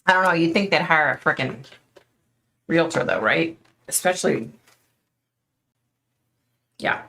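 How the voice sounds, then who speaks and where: A woman's voice: sits low, lively intonation, measured pace, creaky, sharp tone. A middle-aged woman hosting a casual livestream, chatting with viewers by name and talking with a skeptical edge. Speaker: livestream host.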